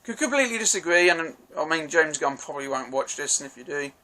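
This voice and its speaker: Man, film review vlog, rambling and sweary, bright tone, slightly high voice. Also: lively intonation, quick pace. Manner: rambling, swears a lot, restarts often.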